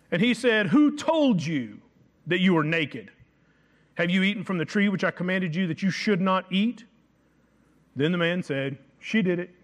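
A man preaching a sermon, reading scripture aloud and slowing down to stress key phrases. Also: sits high, fairly bright tone.

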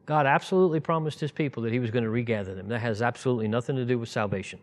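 A man's voice: mid-range voice, rapid-fire. A man in his fifties giving an informal sermon, conversational and digressive, now and then rising to emphatic outbursts. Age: 50s. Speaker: preacher.

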